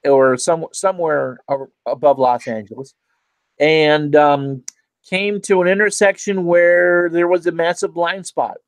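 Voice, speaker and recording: A man chatting casually with a friend, chiming in with facts and short agreements. His voice sits a bit high. The sound is dry with no room echo. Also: steady tone, unhurried. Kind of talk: casual chat.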